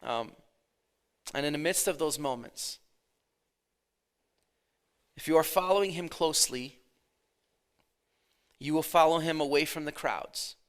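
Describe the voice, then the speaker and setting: A pastor in his thirties giving a conversational sermon, dropping his voice low and then swelling for emphasis. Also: unhurried, pauses often.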